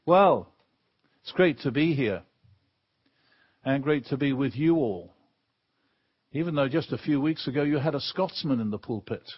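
An Englishman preaching a sermon from the pulpit as a guest speaker, leaning hard and slowly on the key words. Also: mid-range voice, expressive, breathy edge, dull audio. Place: church pulpit.

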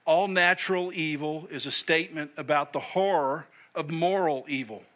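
Bright-voiced, emphatic preaching man. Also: on the high side, moderate pace. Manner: emphatic, repeats key phrases, drops to a hush for weight. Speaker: pastor. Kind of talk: sermon. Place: church sanctuary.

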